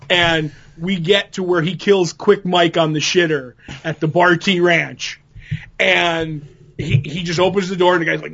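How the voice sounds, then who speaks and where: A man's voice: on the high side, steady tone, normal speed, fairly bright tone, muffled recording. A man co-hosting a podcast, enthusiastically retelling movie scenes in casual chat. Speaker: podcast co-host.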